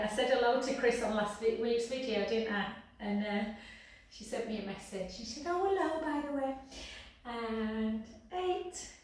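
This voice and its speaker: A woman teaching a pilates class, counting down reps and chatting with stories between exercises. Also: sits high. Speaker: pilates instructor. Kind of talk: live class instruction with counting. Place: her home exercise studio. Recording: very echoey room, mic far off.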